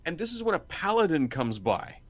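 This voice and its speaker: Animated man telling a lively story. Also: on the high side, brisk, no room sound. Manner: animated, laughing, swearing, acting out quotes. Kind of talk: casual storytelling chat.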